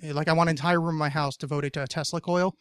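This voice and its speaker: A man's voice: a little high, steady tone, rapid-fire, smooth, no room sound, clean studio sound. Rambling, swearing podcast host man. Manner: rambling, lots of fillers and swearing, jokey. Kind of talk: casual chat.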